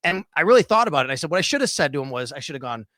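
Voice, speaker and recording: A middle-aged man, hosting a casual sports podcast and retelling stories with animated detail. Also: a little high, very fast, no room sound, studio quality. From Western New York. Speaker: podcast host.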